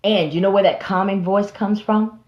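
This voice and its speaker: A woman hosts and preaches to an audience, her medium-pitched voice steady and her pace normal. She speaks directly to listeners in an emphatic, rhetorical style. The recording sounds roomy and slightly dull.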